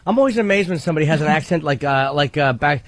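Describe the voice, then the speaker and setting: A man's voice: on the high side, lively intonation, racing, no room sound. A man hosting a casual radio interview with wry, joking commentary, on a studio mic in a radio studio. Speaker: host.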